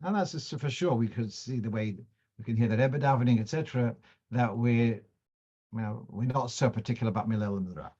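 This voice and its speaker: A man's voice: medium pitch, fairly quick, dark tone, slightly rough, lo-fi sound. A man teaching a class on Jewish law, explaining patiently with examples and mixing Hebrew and Yiddish terms into his English. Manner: explanatory, digressive, uses examples.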